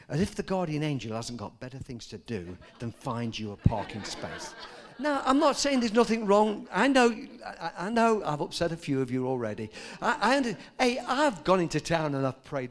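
An older man preaching a sermon, telling stories and rising to loud, emphatic peaks. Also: a little high, sing-song, moderate pace. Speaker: pastor.

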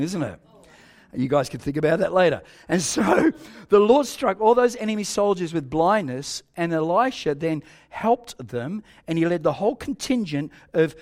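An older man preaching a sermon, telling a story animatedly with soft asides and loud exclaims. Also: high-pitched.

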